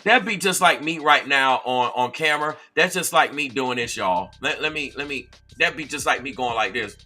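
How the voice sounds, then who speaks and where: A man's voice: medium pitch, normal speed, bright, forceful tone. A man hosting a live-stream commentary, talking straight to viewers and reading chat, with an emphatic, repetitive, preachy delivery. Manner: conversational, addresses viewers directly. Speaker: commentary channel host.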